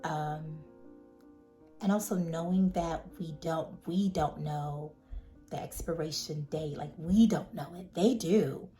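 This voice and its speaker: Animated, emphatic woman vlogger, lowish voice. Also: slow pace, faint music behind. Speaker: vlogger reviewing a web series. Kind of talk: casual heartfelt monologue.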